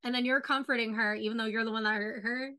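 A woman co-hosting a podcast, casually recapping a TV episode and retelling scenes with animated, cussing commentary. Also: fairly high pitch, fast, smooth. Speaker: podcast co-host.

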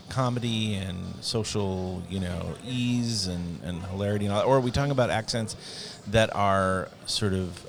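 Low-voiced man, dry and deliberate. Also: a little hiss or hum. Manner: dry, deliberate, hesitant with many fillers. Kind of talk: casual chat.

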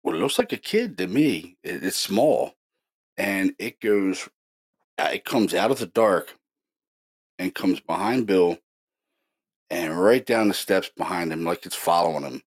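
A man hosting a paranormal show, casually and excitedly retelling an investigation with lots of fillers. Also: low voice, unhurried, pauses often. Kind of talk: casual storytelling.

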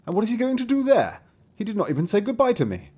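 A man voicing a father in a fairy tale, plaintive and demanding, raising his pitch. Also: huge pitch swings, fast, dark tone, husky, exaggerated voice. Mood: puzzled. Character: grieving, greedy father at dinner.

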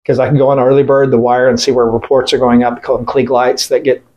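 A middle-aged man speaking at an everyday pitch, telling a story in a casual interview. He talks bluntly and swears freely, and he often breaks off and restarts his sentences. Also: little pitch movement, fast talker, dark tone, muffled recording. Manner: blunt, profane, rambling with restarts. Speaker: veteran guest.

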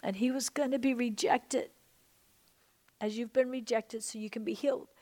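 A woman pastor in middle age, praying over a congregation with earnest fervor. Her voice sits a little high for a woman. Her delivery is heartfelt and devoted. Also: fairly even intonation, normal speed, dark tone. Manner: earnest, fervent prayer. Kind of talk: sermon prayer ministry.

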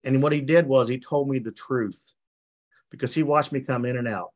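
A man's voice: medium pitch, normal speed, a little mellow. A man giving a personal recovery testimony on a video call, telling his story in a folksy way and acting out the people he quotes. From West Virginia. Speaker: recovery meeting speaker.

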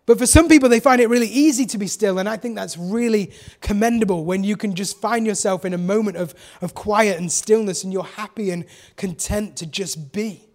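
High-voiced man preaching conversationally. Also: fairly quick, few pauses, darkish tone. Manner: conversational, asks the listeners rhetorical questions. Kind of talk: sermon.

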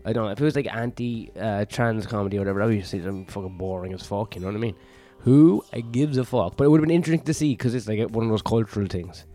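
A man's voice: on the low side, racing, few pauses, dark tone. A man vlogging in a rambling, profane monologue, ranting with lots of fillers and sounding sweaty and worn out.

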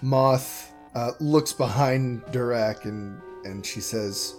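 A man narrating a tabletop game as game master, slow and descriptive with casual slang. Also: mid-range voice, a little mellow, faint music behind.

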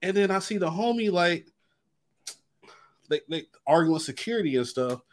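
A man's voice: sits high, animated, normal speed. A young man co-hosting a podcast, telling a long story in casual chat, acting out quotes with heavy slang and lots of fillers. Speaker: podcast co-host.

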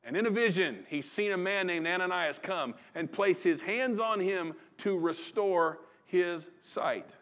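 A man preaches in a relaxed, folksy manner. He acts out the voices in the stories he tells. His voice sits a little high. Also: a little slow, hardly any pauses. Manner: folksy, conversational preaching with dramatized quotes. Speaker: pastor. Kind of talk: sermon.

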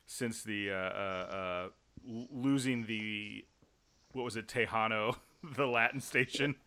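A man from Dallas, co-hosting a podcast in casual chat, animated as he retells stories. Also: lowish voice, slow pace, smooth. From Dallas, Texas. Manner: animated, acts out quotes. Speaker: podcast co-host.

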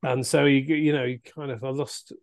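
A man's voice: mid-range voice, little pitch movement, moderate pace, vocal fry, a little mellow. A man with an English accent co-hosting a podcast, telling anecdotes in a dry, understated way. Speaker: podcast co-host.

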